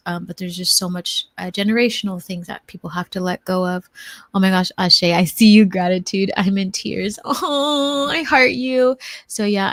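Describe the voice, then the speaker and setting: A woman's voice: lowish voice, fairly bright tone, no room sound. A woman healer hosting a casual livestream, rambling with many fillers and restarts, gushing and spiritual.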